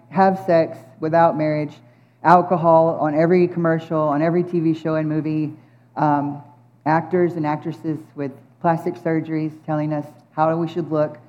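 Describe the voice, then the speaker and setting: A middle-aged woman speaking at a church service, giving an earnest, heartfelt sermon and reciting scripture, with many pauses and fillers. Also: low voice. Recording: muffled recording with faint band music.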